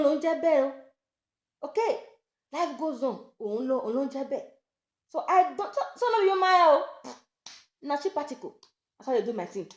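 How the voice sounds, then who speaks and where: A woman's voice: high-pitched, echoey room, lo-fi sound. A Nigerian woman, a social media presenter talking to camera, pleading and scolding again and again.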